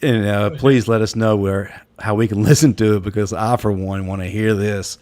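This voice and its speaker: A man hosting a casual panel talk show, speaking in a relaxed way with many fillers. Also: lowish voice, normal speed. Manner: relaxed, lots of fillers and laughs. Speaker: podcast host.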